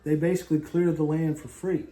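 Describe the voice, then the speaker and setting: A man's voice: on the high side, level tone, fairly quick, warm tone, reverberant. A man in his fifties from southern West Virginia, chatting casually on a vlog in a rambling, folksy storytelling way. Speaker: vlog co-host. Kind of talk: casual chat.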